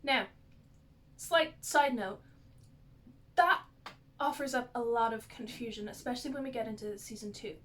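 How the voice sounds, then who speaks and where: A woman's voice: fairly high pitch, normal speed, long pauses, fairly bright tone. A woman vlogger rambling through a casual recap of a TV show's plot, with lots of "like" and asides.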